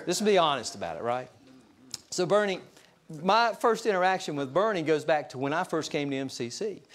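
Folksy man preaching a sermon. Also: a little high. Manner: folksy, joking asides to the congregation. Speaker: pastor. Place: church sanctuary.

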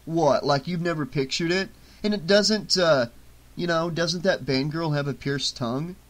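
A man's voice: fairly high pitch, moderate pace, fairly bright tone, natural voice. A man reading an audiobook, voicing a brash, crude young man who talks bluntly and sarcastically. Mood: scoffing.

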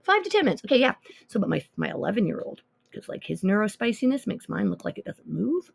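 A woman's voice: mid-range voice, big pitch swings, fast, creaky, breathy edge. A woman music teacher talking casually through teaching tools on a podcast, thinking aloud with plenty of ums and easily amused.

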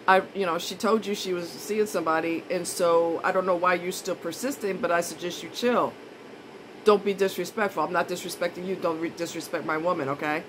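A woman voicing a calm grown man who firmly warns off a rival, low and measured. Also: noisy background, natural voice.

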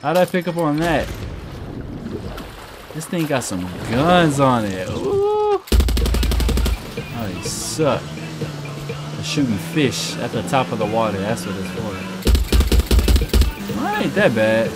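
A young man giving let's-play commentary over a shooter game, excitable and slangy, talking to the game's characters and yelping loudly when he gets into fights. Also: mid-range voice, slow, long pauses. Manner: slangy, joking asides. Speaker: gaming streamer. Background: game music and gunfire.

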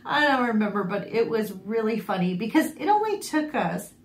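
A woman vlogger telling a funny family story in a casual, wry and animated way, often laughing. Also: fairly high pitch, moderate pace. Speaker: sewing vlogger. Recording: echoey room.

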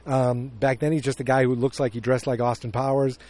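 A man's voice: medium pitch, flat delivery, brisk, darkish tone. A man hosting a podcast, chatting casually about a film, rambling and correcting himself as he goes. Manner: rambling, self-correcting, opinionated. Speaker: podcast host. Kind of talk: casual movie review chat.

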